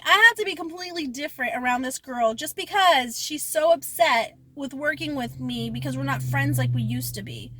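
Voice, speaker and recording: A woman's voice: sits high, fairly quick, few pauses, fairly bright tone. A young woman telling a story to the camera in a chatty, emotional way, full of "like" fillers. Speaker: vlogger. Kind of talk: casual storytime vlog.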